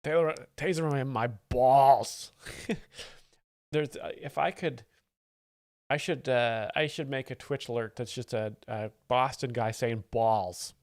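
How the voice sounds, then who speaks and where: A man's voice: medium pitch, slow pace, a little mellow, no room sound. A man chats over a stand-up clip on a live stream, wry and rambling as he explains the jokes. His voice sits in the middle range and sounds dry and close to the mic, with no room around it. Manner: wry, rambling, reads donations aloud. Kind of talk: casual live-stream commentary.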